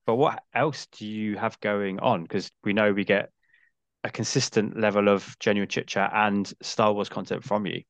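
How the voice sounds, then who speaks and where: A man hosting a casual podcast, relaxed and affirming, with lots of agreeing murmurs. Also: on the low side, moderate pace, no echo. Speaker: podcast host.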